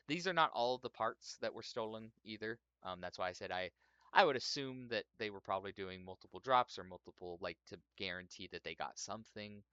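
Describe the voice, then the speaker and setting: A man's voice: fairly low pitch, bright, forceful tone, smooth, dry recording, highs cut off. A young man narrating as game master in a rambling way, with many fillers and restarts.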